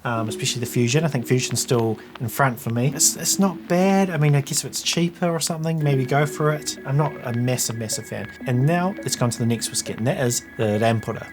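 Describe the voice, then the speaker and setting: A man's voice: medium pitch, a little fast, hardly any pauses, music in the background. A man giving a casual whisky tasting review, chatting and thinking aloud as he tastes.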